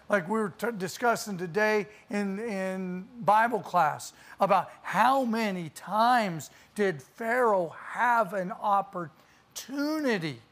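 A preacher delivering a sermon in church, telling a story with dramatic pauses and reading scripture aloud. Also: medium pitch, a bit bright.

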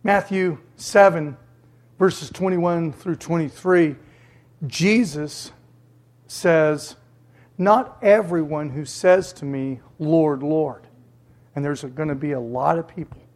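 A preacher delivering a sermon with emphasis, repeating key words for stress and acting out the voices of others with sudden jumps in pitch. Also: slow pace, darkish tone.

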